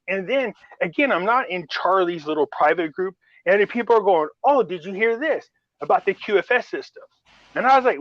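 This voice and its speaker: A man's voice: high-pitched, lively intonation, fairly quick, a bit bright, no room sound, highs cut off. A man chatting casually as host, rambling through a story and acting out what others said. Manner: rambling storyteller, acts out quoted dialogue. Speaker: show host. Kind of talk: casual chat.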